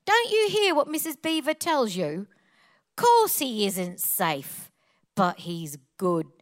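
A woman's voice: on the high side, huge pitch swings, takes it slowly, exaggerated voice. A woman doing a Cockney talking beaver. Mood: insistent. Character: gruff male talking beaver, earnest, insistent.

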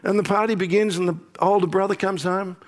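A male pastor with an Australian accent preaching a sermon in a lively, folksy storytelling manner. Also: sits high, a little fast.

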